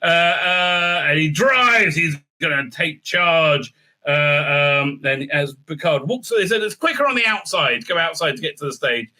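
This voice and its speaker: High, sharp-toned male reviewer, halting and exasperated. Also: lively intonation. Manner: hesitant, heavy filler sounds, exasperated outbursts. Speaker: TV episode reviewer. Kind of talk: rambling recap and review.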